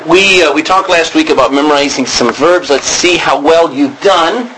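Pria guru yang santai dan suka bercanda. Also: male voice, fairly high pitch, a bit bright, a little hiss or hum, low-quality recording. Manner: jokey, laughs often, drawn-out words. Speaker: Greek teacher. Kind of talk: casual classroom teaching.

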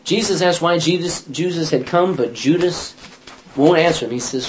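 A man's voice: fairly high pitch, normal speed, slight background noise. A man leading an informal Bible study, telling the stories in a chatty way, acting out the lines and correcting himself as he goes. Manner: animated, chatty storytelling with self-corrections and laughs.

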